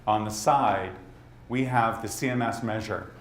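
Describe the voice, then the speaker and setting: Boston-accented man presenting in a roomy hall. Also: on the low side. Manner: animated, talks straight to the audience with quick asides. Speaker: conference speaker. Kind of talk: leadership summit presentation. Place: conference hall. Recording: roomy hall with faint background noise.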